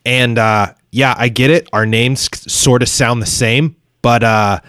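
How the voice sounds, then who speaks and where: A man playing a fed-up adventurer, slow and halting. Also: mid-range voice, steady tone, fairly bright tone, smooth, no echo, studio quality, lightly acted. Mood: exasperated. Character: exasperated male adventurer fed up with wrong name.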